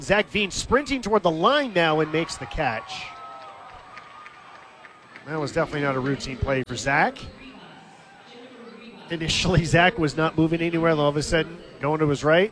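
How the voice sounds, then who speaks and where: A man calling live baseball play-by-play in a steady, conversational way, lifting his voice briefly when the action comes. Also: on the high side. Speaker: play-by-play announcer. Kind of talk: live baseball radio commentary.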